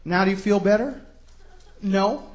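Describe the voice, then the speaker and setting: Brief: male stand-up comic, New York accent, high-pitched, sarcastic, shouty rants. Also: measured pace. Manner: brash, sarcastic ranting with sudden shouts. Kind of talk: stand-up comedy routine.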